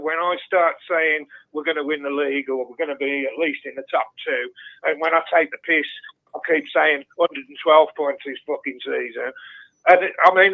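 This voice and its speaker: A blunt, ranting man with a strong Birmingham accent rings in to talk football. His fairly high, gravelly voice comes through a thin, tinny phone line. He swears freely and does not hold back. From Birmingham, England. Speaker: phone-in caller. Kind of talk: casual football chat. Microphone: telephone.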